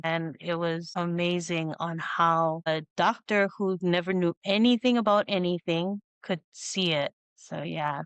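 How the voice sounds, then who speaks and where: A woman hosting a podcast, telling a personal story in a casual, animated way and acting out the dialogue. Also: fairly low pitch, smooth, no echo. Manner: animated, acts out quoted dialogue with lots of "you know". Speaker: podcast host.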